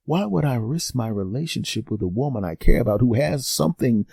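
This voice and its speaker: A man's voice: medium pitch, lively intonation, fairly quick, vocal fry, dark tone, husky, dry recording. A man hosting his own podcast, telling a profane comic story and acting out both sides of a conversation with a friend. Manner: profane, teasing. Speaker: podcast host. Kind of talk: solo comedic podcast monologue.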